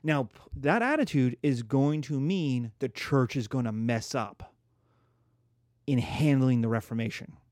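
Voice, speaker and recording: A man giving a casual history lecture, animated and jokey, acting out quotes as he goes. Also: mid-range voice, unhurried, no room sound, studio quality. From United States.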